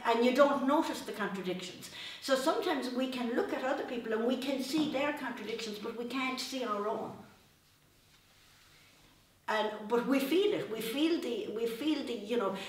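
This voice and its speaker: A woman giving a reflective personal talk to an audience, chatty and searching, often quoting what others told her. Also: medium pitch. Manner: conversational, searching, often quotes others and laughs at herself. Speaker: speaker at a spiritual talk. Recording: very echoey hall, voice far from mic.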